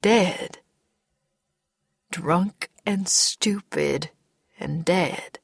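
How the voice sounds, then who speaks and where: A woman voicing a big, grief-stricken older man who talks in a heavy, halting way. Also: lowish voice, fairly bright tone, dry recording, studio quality. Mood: hushed.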